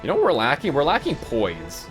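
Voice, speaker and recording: A man's voice: medium pitch, wildly swooping pitch, fairly quick, music in the background. A man streaming a game and telling rambling school stories in a casual way, with a lot of "like" and frequent laughs. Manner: rambling, laughs often, lots of "like". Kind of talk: casual storytelling while gaming.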